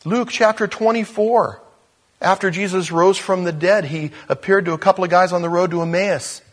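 A man preaching a sermon in a conversational way, growing animated as he reads scripture aloud. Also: sits high, moderate pace, big-room sound.

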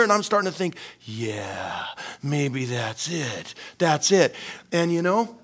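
With a slightly high, breathy voice and a slow pace, this male preacher tells stories from the pulpit. He's lively and pokes fun at himself, performing dialogue with dramatic swings before dropping to near-whispers in prayer.

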